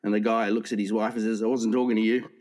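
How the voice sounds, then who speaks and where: A man's voice: on the low side, little pitch movement, fast, a little mellow. A man co-hosting a casual comedy podcast. He rambles through jokes and laughs at his own punchlines. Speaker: podcast co-host.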